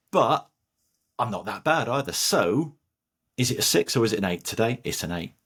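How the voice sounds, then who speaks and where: A man talking as a podcast guest in casual interview chat, jokey and animated, laughing often. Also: medium pitch, unhurried, slightly rough.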